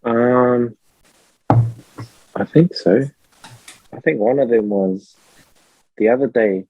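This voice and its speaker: A man's voice: mid-range voice, slow, no room sound, phone-quality sound. A young man with a New Zealand accent, a podcast guest telling a story in casual chat and laughing often. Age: young adult.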